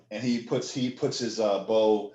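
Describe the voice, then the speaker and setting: Man game master, low voice, halting narration, echoey room, lo-fi. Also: dark tone. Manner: halting, many fillers and restarts. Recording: echoey room, dull lo-fi sound.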